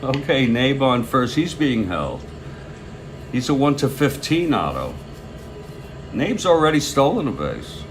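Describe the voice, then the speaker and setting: Easygoing man calling slow play-by-play. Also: medium pitch, slight background noise. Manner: rambling and easygoing, bursting into excitement on big plays. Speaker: host calling a tabletop baseball replay. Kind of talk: casual play-by-play commentary with chatty asides.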